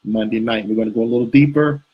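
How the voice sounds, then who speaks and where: Husky-voiced man hosting a live show. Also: mid-range voice, fast, muffled recording. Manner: rambling, with fillers and restarts. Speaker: co-host of a couples show. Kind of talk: live video chat with viewers.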